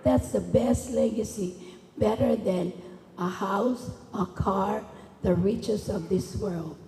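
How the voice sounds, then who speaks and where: A woman speaks at a funeral with earnest, preaching conviction. Her tone is mellow and low-key. The sound rings through an echoey church hall with faint noise beneath. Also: slow, vocal fry. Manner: earnest, preaching, switches languages. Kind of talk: religious funeral speech.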